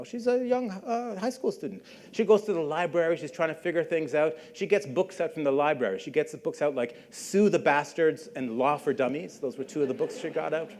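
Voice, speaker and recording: A middle-aged man with a fairly high voice gives a public lecture. He tells a story in a loose, conversational way and slips into the voices of the people he quotes. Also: darkish tone. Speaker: guest lecturer.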